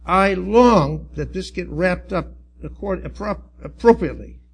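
A middle-aged man, a church elder, preaching a sermon in an earnest, halting way with restarts and emphatic swells. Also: sits high, breathy edge.

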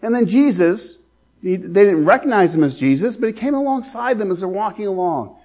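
A man preaching a sermon as pastor, earnest, slowing down to stress scripture. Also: high-pitched, sing-song, a little mellow.

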